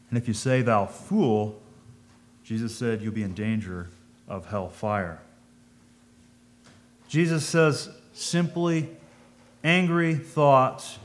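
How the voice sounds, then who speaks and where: Guy preaching a laid-back sermon, mid pitch, asks the room questions, reads old-style scripture. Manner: thinks aloud, asks the listeners questions. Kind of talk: conversational sermon.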